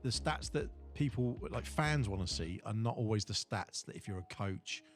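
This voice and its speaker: A man co-hosting a podcast, chatting in short replies and quick asides. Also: lowish voice, animated, faint music behind. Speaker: podcast co-host. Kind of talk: casual chat.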